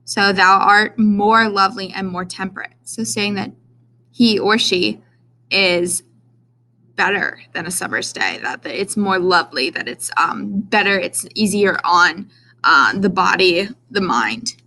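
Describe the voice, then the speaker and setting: A woman's voice: lowish voice, expressive, a little slow, sharp tone, slight background noise. A young adult woman teaching a recorded lesson. She speaks casually and fills her sentences with "um". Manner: casual, many "um" fillers.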